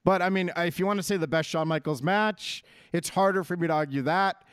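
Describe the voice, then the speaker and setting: A man's voice: sits high, a little fast, clear, resonant tone, no room sound, studio quality. A man co-hosting a casual chat, brash and teasing, with lots of swearing. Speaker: podcast co-host.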